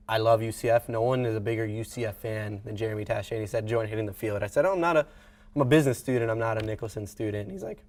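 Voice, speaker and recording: A young man with a fairly low voice gives a casual, heartfelt farewell in a studio. He sounds chatty and earnest, a little choked up at times. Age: young adult. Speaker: co-host.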